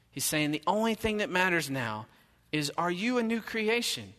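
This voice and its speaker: Bright-voiced man preaching in a hall. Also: high voice, very animated, normal speed. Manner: conversational preaching, emphatic rhetorical questions. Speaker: pastor. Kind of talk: sermon.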